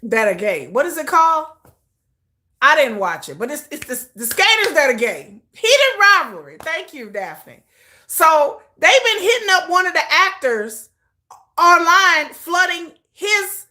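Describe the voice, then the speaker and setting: Lively high-voiced woman streamer. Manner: animated, laughing, swearing, answering chat. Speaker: livestream host. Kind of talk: casual livestream chat.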